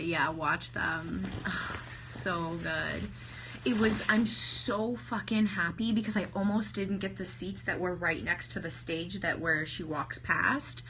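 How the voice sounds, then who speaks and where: An excitable woman in her thirties chats with her livestream viewers, her throat worn from singing. Her voice is bright and low-pitched, and she talks slowly. It is recorded on a phone at arm's length, with faint ambient noise behind her. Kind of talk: casual livestream chat. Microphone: phone held at arm's length.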